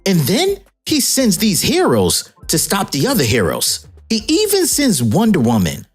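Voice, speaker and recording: A woman's voice: mid-range voice, huge pitch swings, unhurried, breathy edge, soft background music. A woman narrating a comic storyline in a playful, jokey, casual storytelling way.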